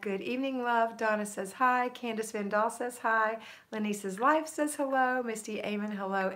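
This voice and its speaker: A middle-aged woman hosting a casual livestream, chatting warmly and greeting her viewers one by one by name. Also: on the high side. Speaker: host.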